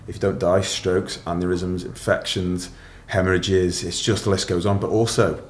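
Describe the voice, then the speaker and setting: Deep-voiced man telling his story. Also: level tone, moderate pace, roomy sound, a little hiss or hum. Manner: candid, matter-of-fact storytelling. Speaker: podcast guest. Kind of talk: casual storytelling interview.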